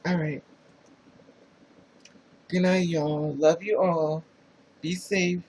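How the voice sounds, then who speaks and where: A man's voice: fairly high pitch, level tone, extremely slow, darkish tone, low-quality recording. A man with a New Jersey accent hosting a casual livestream, chatting sassily and greeting viewers by name. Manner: sassy, chatty, reads viewer names aloud. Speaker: livestream host.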